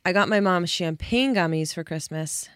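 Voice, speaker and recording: A young adult woman co-hosting a casual chat podcast in a studio, chatty and quick to laugh. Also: on the low side, fairly bright tone, smooth, no echo. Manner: giggly, chatty. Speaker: podcast co-host, publicist. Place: recording studio.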